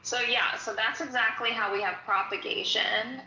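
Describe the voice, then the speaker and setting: Middle-aged woman rambling thru a study lesson, lots of like and um, raspy low voice, echoey room. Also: fairly even intonation, moderate pace, bright, forceful tone. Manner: chatty, digressive, lots of "like" and "um". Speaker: study-along teacher. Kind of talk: casual textbook walkthrough.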